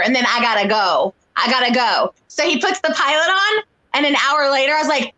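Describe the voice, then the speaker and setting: A woman co-hosting a casual show chat, talking in a chatty, animated way and acting out quoted lines when she retells a story. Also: sits high, fast, rough recording. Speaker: co-host.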